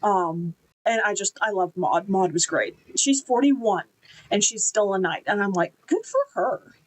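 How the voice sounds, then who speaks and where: A woman's voice: medium pitch, unhurried, low-quality recording. A woman giving an enthusiastic, chatty book review, with casual fillers and restarts.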